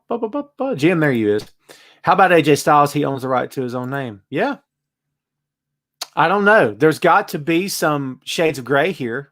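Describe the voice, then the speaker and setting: A man hosting a casual live-stream chat, reading viewer comments aloud and answering them in an animated, emphatic way. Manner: wide swings in pitch and loudness, emphatic. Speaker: host.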